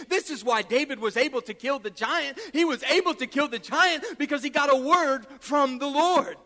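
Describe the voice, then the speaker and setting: A male pastor with a very high, bright voice delivers a sermon with forceful emphasis, repeating his points and acting out the quoted dialogue. He speaks at normal speed with hardly any pauses, his voice ringing with long reverb through a large hall.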